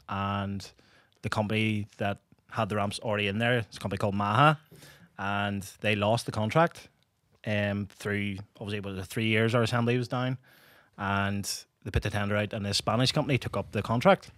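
Low bright Northern Irish man explaining. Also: fairly even intonation, moderate pace, dry recording, studio quality. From Northern Ireland. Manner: explaining at length, chipping in. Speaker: podcast co-host. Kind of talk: casual chat.

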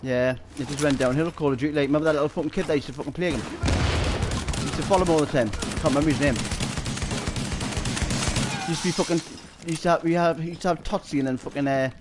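A Geordie gaming streamer chats casually while playing a shooter, rambling through stories, swearing constantly and laughing a lot. His voice is a little high and fast with frequent pauses, over very noisy audio.

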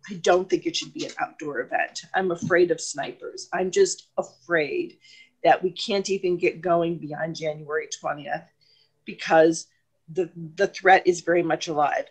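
A woman's voice: lowish voice, fairly even intonation, normal speed, slightly rough. A woman party member asking a question on a video call, emotional and hesitant, rambling with many ums and restarts. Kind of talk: question in an online meeting.

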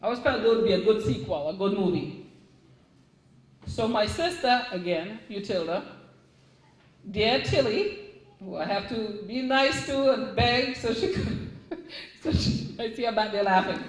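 A middle-aged woman with a Caribbean English accent, an author speaking to a live audience at a book signing in a chatty, animated way. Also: medium pitch, unhurried, long pauses, recorded from a distance. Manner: chatty, animated storytelling with restarts. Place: event room. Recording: echoey room.

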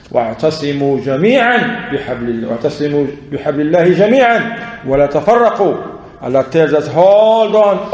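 Earnest man preaching in an echoey room. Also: dark tone. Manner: earnest, emphatic, rising and dropping pitch for stress. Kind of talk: sermon.

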